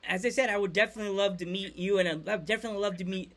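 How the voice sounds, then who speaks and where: A man of forty from Long Island hosting a podcast, chatting casually and rambling with excited restarts. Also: high-pitched, rapid-fire. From Long Island, New York. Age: 40s. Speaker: podcast host. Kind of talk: casual chat.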